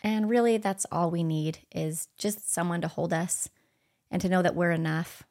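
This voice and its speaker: A middle-aged woman co-hosting a podcast, speaking gently and earnestly as she reflects on her own experiences. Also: fairly low pitch, steady tone, normal speed, creaky. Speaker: podcast co-host. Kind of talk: heartfelt conversational podcast talk.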